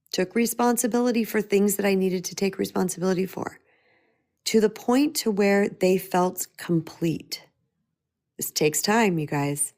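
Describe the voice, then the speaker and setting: A woman's voice: lowish voice, a little mellow. A middle-aged woman speaking as a spiritual empowerment coach, earnest and emphatic, often repeating her key phrases. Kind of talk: motivational talk.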